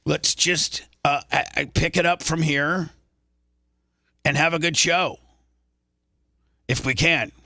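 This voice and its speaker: Bright-voiced male radio host lecturing. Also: fairly high pitch, steady tone, takes it slowly, gravelly, long pauses, dry recording, clean studio sound. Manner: defensive, lecturing, repetitive restarts. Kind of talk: on-air argument with a co-host.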